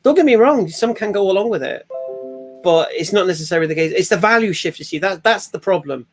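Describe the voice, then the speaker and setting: A man tells a story in a relaxed group conversation. His voice sits slightly high, and he acts out the people he describes with lively energy. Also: fast talker, faint music behind. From England. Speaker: panel guest sharing stories. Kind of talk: casual group chat.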